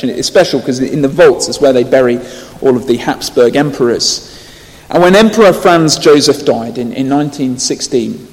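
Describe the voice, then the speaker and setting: A man preaching a sermon, telling stories earnestly and rising to loud emphasis. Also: mid-range voice. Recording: long hall reverb.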